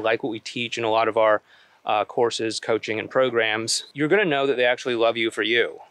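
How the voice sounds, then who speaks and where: Bright-voiced man giving casual advice. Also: mid-range voice. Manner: earnest, conversational, frequent fillers and restarts. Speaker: relationship coach. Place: outdoors in a forest.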